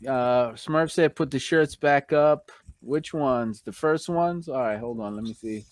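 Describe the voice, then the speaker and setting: A man's voice: mid-range voice, measured pace, no room sound. A man with a New York accent hosting a casual live stream, chatting and reading out viewer comments.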